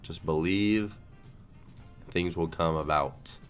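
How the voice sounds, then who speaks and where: Young male streamer, sick, very low voice, rambling self-deprecating commentary, faint background music. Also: slow pace. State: sick, coughing. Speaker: slot streamer. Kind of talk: casual gambling stream commentary.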